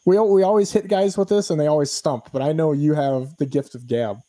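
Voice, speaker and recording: A man's voice: on the high side, a little fast, warm tone, rough recording. A man hosting a fishing podcast, talking in a laid-back, chatty and jokey way. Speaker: podcast host. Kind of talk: casual interview chat.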